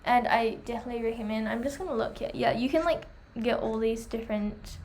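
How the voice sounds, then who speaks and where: A young woman chatting enthusiastically while reviewing pet products, full of fillers, her voice going hoarse. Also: a little high, brisk, darkish tone, slight background noise. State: losing her voice. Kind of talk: casual chat.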